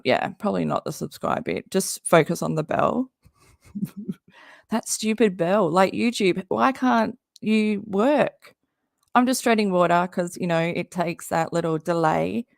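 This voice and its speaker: A woman's voice: medium pitch, creaky, no room sound, studio quality. A woman who is losing her voice hosts a casual livestream from home, chatting, greeting viewers and laughing often. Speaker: livestream host. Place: home under a tin roof in rain.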